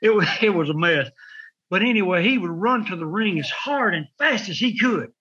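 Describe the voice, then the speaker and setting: A man's voice: sits high, animated, moderate pace, bright, forceful tone, breathy edge, lo-fi sound. A man telling rambling stories in casual chat, acting out voices and sound effects. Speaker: wrestling podcast host telling stories.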